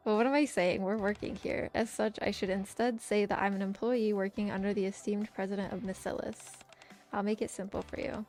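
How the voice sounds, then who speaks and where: A woman's voice: medium pitch, steady tone, a little fast, a little mellow, faint music behind, close to an everyday voice. A woman reading game dialogue aloud as a sly, formal young woman researcher, polite and teasing.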